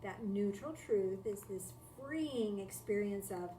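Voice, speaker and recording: Slow and dark-toned, a woman's mid-range voice carries a spiritual talk streamed live from home. She is a spiritual teacher whose reflective, conversational style repeats key phrases and raises rhetorical questions. Expect an echoey room, a distant mic, and faint noise.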